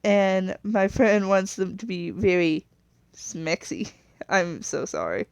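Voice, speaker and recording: A woman's voice: mid-range voice, very animated, takes it slowly, creaky, a little mellow, clear, resonant tone, dry recording. A woman casually narrating as she designs a character, rambling, correcting herself and trailing off, sometimes apologetic. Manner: chatty and apologetic. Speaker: video creator.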